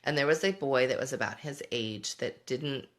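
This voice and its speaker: A middle-aged woman with a very deep voice speaks at a moderate pace while hosting a casual livestream. A homeschooling parent and show host, she talks reflectively and responds to viewer comments along the way.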